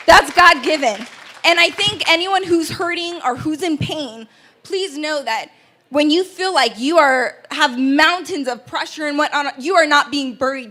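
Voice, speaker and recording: A woman with a high, light voice speaks to an audience from a stage. She tells a personal story in an earnest, emotional way and often stumbles and restarts her sentences. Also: lively intonation, normal speed, a bit bright. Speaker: keynote speaker. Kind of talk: personal testimony speech. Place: event stage before an audience.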